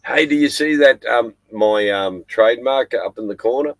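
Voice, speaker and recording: A man's voice: mid-range voice, moderate pace, dry recording, rough recording. An Australian man in his sixties hosting a casual chat, blunt, swearing freely and laughing often. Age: 60s. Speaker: podcast host.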